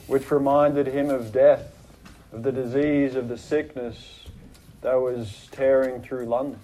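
A man preaching a sermon, earnestly retelling a story with dramatic drops and rises in his voice. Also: muffled recording. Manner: earnest, dramatic retelling, voice dropping low and rising in quoted prayers. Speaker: pastor.

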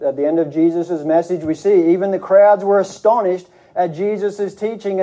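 Man preacher, high mellow voice, earnest measured sermon delivery with restarts, slightly muffled recording.

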